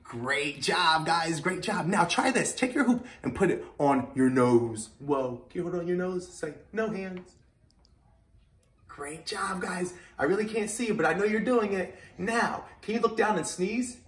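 A man's voice: high-pitched, animated, unhurried, fairly bright tone. A young man leading a children's activity class as a gym instructor, upbeat and coaxing the kids to repeat after him. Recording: roomy echo, voice from a distance. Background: music playing.

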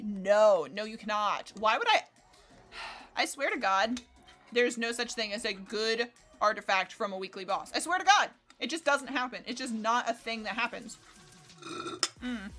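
A woman streamer giving chatty, excitable live commentary while playing a co-op game, laughing and swearing often. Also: fairly high pitch. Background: faint game music.

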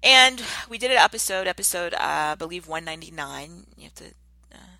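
Woman podcast host, motivational monologue, gravelly, forceful, dry close sound. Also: lowish voice, expressive, no room sound. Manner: passionate, emphatic, with slow dramatic stresses.

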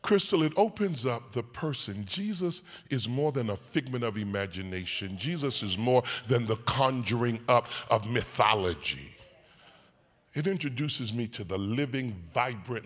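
A man preaching a sermon as a bishop, swinging from soft asides to shouted, sing-song whooping lines and calling out to the congregation. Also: medium pitch, lively intonation, normal speed. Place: church sanctuary. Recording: long church hall reverb.

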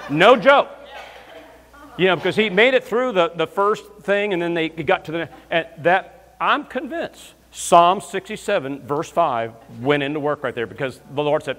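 Animated preacher in a reverberant church. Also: male voice, on the high side, a little slow, a little hiss or hum. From Alabama, US South. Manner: storytelling with bursts of shouting praise. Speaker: guest minister. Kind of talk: lively comedic sermon. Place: church sanctuary. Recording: long church hall reverb.

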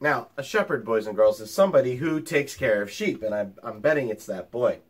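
A teacher reading a picture book aloud to young children, with chatty asides to them. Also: male voice, medium pitch, lively intonation, a little fast. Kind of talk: storytime read-aloud.

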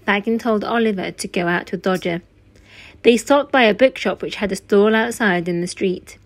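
A woman teacher reading a children's storybook aloud with slow, expressive narration. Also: medium pitch.

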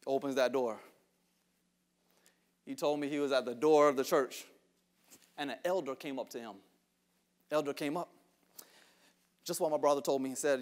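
A male pastor preaching a sermon to a congregation, calling for responses, laughing between lines and rising to shouts in a church sanctuary. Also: medium pitch, moderate pace, long pauses.

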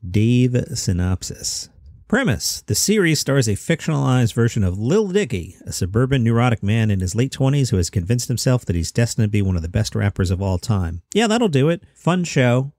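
A man's voice: medium pitch, sing-song, normal speed, darkish tone, no echo, studio quality. A middle-aged man hosting a comedy news podcast, chatty with jokey asides. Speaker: host.

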